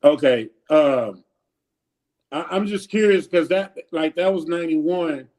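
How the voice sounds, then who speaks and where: A man co-hosting a podcast, asking a guest questions in a halting, repetitive way. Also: a little high, darkish tone. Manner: halting, repeats himself while asking. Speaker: podcast co-host, coach. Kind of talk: casual interview chat.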